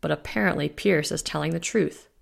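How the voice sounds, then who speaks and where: A woman voicing a male werewolf alpha with a rumbling, sardonic manner. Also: a little fast, gravelly, exaggerated voice. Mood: wry.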